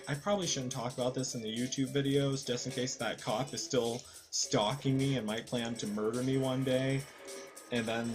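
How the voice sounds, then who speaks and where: A young man telling a rambling, profane story while playing a city-building game, with many fillers and self-corrections. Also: medium pitch. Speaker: gaming video creator. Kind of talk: casual storytelling over gameplay.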